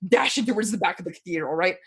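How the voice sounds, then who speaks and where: A game master describing a fantasy scene in loose, rambling narration, full of fillers and restarts. The voice sits at a middle pitch. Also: expressive, racing, husky.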